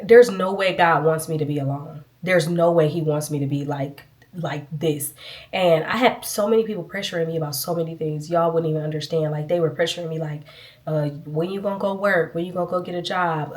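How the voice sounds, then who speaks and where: Woman, low voice, earnest casual vlog talk, slight sniffles. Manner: earnest, chatty, addresses viewers as y'all. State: sniffling, itchy nose. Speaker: vlogger.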